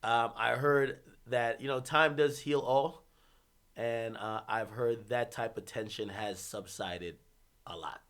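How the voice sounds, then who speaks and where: A man hosting a livestream, ranting about hip-hop in a casual, profane, animated way with bursts of laughter. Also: mid-range voice, takes it slowly.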